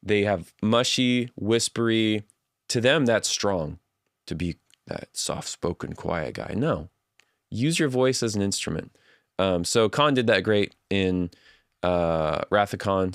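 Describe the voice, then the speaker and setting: A man's voice: lowish voice, a bit bright, smooth, dry recording, studio quality. A man hosting a livestream, chatting casually and reading out viewer comments. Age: adult. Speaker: livestream host.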